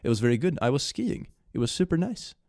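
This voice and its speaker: Animated young man chatting on stream. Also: medium pitch, fast talker, gravelly, no echo, clean studio sound. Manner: animated, giggly, swings from hushed to excited. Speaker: streamer reading fan memes. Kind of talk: casual livestream chat.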